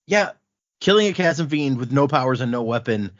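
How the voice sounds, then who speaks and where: A man hosting a podcast, casually walking through a book's chapters in an animated retelling. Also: medium pitch, normal speed. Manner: animated retelling, acting out quotes in passing. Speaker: podcast host recapping a book. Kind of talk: casual chat. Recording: dull lo-fi podcast audio.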